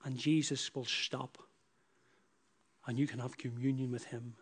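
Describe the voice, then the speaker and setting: A man's voice: medium pitch, flat delivery, a little slow, breathy edge. A man preaching a sermon, building emphatic repeated phrases that rise in force. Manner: emphatic, repetitive preaching with rising bursts.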